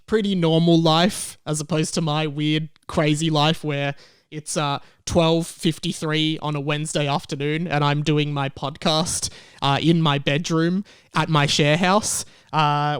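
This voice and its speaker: A man's voice: a little high, a bit bright, smooth, no echo, studio quality. A man with an Australian accent hosting his podcast alone from his bedroom in a share house, rambling and chatty with a self-deprecating manner. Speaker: podcast host. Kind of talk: casual podcast monologue.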